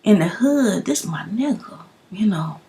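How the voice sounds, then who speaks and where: A woman vlogger telling a story to the camera in a casual, emotional way, with sudden loud outbursts. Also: mid-range voice, expressive, a little slow.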